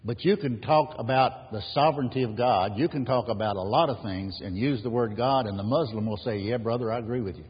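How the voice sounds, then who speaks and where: A man's voice: mid-range voice, fairly quick, hardly any pauses, slightly rough. A man preaching an earnest sermon as pastor, building emphasis on key phrases. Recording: dull lo-fi sound in a reverberant hall.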